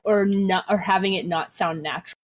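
A woman's voice: fairly low pitch, fairly even intonation, a little fast, a little hiss or hum. A woman in casual chat as a game player, hesitant, often trailing off and restarting. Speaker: tabletop game player and co-host.

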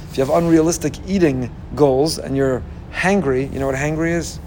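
A man giving a lively sermon as a rabbi, acting out inner voices with humorous asides. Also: fairly high pitch, normal speed, slight background noise.

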